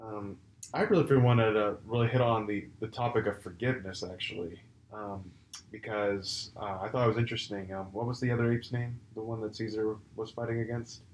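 A man co-hosting a casual film discussion podcast, retelling scenes with animated energy. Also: lowish voice, brisk. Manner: animated storyteller, acts out scenes. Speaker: podcast co-host. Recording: roomy with faint background noise.

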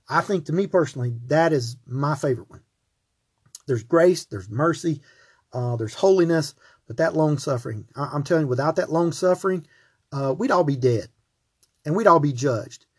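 A man's voice: on the high side, a little mellow, breathy edge. A man teaching a Bible lesson in an earnest, rambling way, often repeating words as he talks. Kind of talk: closing of a recorded Bible lesson.

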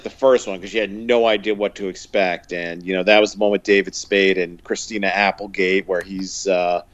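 A man's voice: lowish voice, lo-fi sound. A man co-hosting a podcast, telling stories in a loose, rambling way full of fillers. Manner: rambling, filler-heavy storytelling with quoted impressions. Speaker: podcast co-host. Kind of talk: casual chat.

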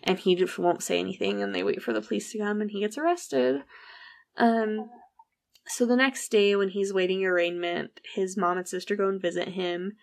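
Woman telling a story with vocal fry. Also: mid-range voice, moderate pace. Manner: chatty, recounts events with frequent "like" and quoted dialogue. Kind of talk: casual true-crime storytelling.

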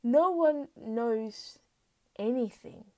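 A young woman hosting a solo podcast, telling a story in animated, slangy casual chat. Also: a little high, drawn-out words. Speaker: podcast host.

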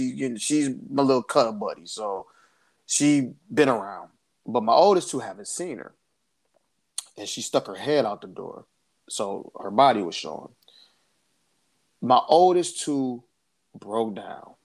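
A man, co-hosting a podcast and telling an emotional family story with many restarts. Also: mid-range voice. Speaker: podcast co-host. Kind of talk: casual podcast chat.

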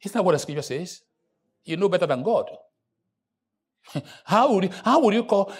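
A male pastor preaching a sermon in church, joking with the congregation and breaking into sudden loud rises. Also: high-pitched, lively intonation, normal speed, pauses often, slightly rough.

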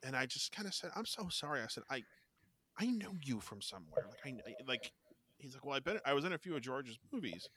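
A man co-hosting a casual podcast, telling animated stories and mimicking other people's voices, with casual swearing. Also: medium pitch, quick pace. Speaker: podcast co-host. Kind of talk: casual chat, storytelling.

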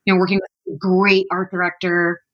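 A woman in her thirties, on a podcast as a guest, chats in an upbeat, casual interview style, leaning heavily on "like" and "you know." Her voice is fairly low and flat, she talks fairly quickly, and the high frequencies are cut off.

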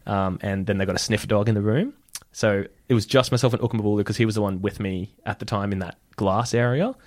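A man's voice: lowish voice, fairly even intonation, fast talker, a little mellow, no echo, clean studio sound. A young man telling a long story in casual chat, rambling with lots of fillers and laughing often. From Australia. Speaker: storyteller guest.

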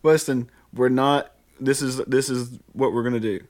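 A man chatting loosely on a podcast mic. He jokes constantly, trips over his fillers and laughs between lines, with a plain middle-pitched voice. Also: steady tone, normal speed, darkish tone. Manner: jokey, lots of fillers and laughing. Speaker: podcast co-host. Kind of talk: casual chat.

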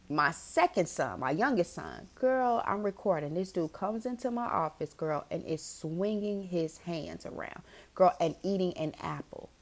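A woman with a slightly low voice hosts a podcast, telling a personal story in a loose casual monologue. She talks with animated emphasis, swears freely and keeps calling the listener "girl". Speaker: podcast host.

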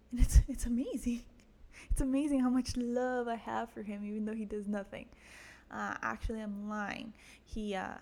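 Her voice is fairly high, creaky, and darkish in tone. She's a young woman hosting her own podcast solo, casual and crude, poking fun at herself, swearing frequently and cracking herself up.

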